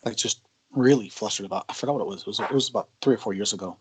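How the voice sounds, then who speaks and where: A low-pitched man with a husky edge to his voice talks through his point in a relaxed conversational way. He tells stories, stopping and restarting his sentences as he goes. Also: poor audio. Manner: anecdotal, halting with restarts. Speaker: co-host of a Christian mentorship show. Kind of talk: casual discussion.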